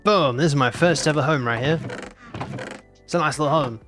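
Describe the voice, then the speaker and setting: A man's voice: fairly high pitch, brisk, fairly bright tone, soft background music. A nineteen-year-old man, chatting casually and teasingly as a game streamer reacting to his chat. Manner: playful and teasing, repeats himself.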